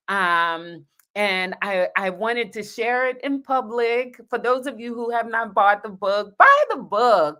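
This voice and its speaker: A woman's voice: lowish voice, bright, forceful tone. A woman pastor reading a heartfelt dedication from her own book on a livestream, talking directly to her viewers.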